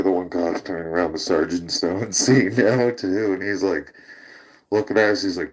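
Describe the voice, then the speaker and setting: A man's voice: low-pitched, fairly even intonation, normal speed. A man hosting a casual talk show, telling a rowdy story with laughter and swearing. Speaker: podcast host.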